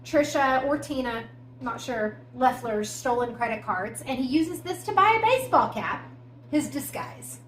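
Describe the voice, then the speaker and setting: A woman's voice: high voice, lively intonation, normal speed. Woman telling a true-crime story, echoey room. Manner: conversational, recounting events with emphatic asides and fillers. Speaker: podcast co-host. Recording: echoey room with faint background noise.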